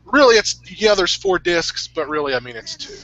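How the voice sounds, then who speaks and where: Lively bright-voiced man, casual commentary. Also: fairly high pitch, normal speed, vocal fry. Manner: animated, chatty, trivia-sharing. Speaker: podcast co-host. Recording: slightly dull lo-fi audio.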